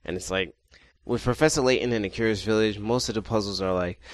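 Man, podcast co-host, very low voice, dry close sound, short casual remarks. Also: fast, dry recording. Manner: brief reactions and short remarks. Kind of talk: casual chat.

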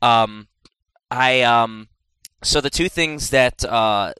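A man chats about video games in a bright, crisp voice that jumps up with excitement. He swears freely and tosses in quick asides. The sound is close and dry. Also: mid-range voice, dry recording, rough recording. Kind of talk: casual gaming chat.

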